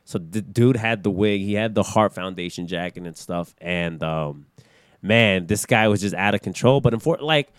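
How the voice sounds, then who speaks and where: A man co-hosting a podcast, talking loosely and animatedly, with rambling asides and casual swearing. His voice is fairly low and smooth. The sound is dry and close. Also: normal speed, dry recording. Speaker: podcast co-host. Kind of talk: casual chat.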